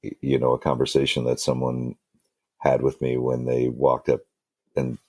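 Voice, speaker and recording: A man's voice: rumbling low, completely flat delivery, moderate pace, dark tone, no echo, clean studio sound. A man, a guest musician, telling rambling, self-deprecating stories in a casual interview, with lots of fillers and restarts. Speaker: guest musician, band singer.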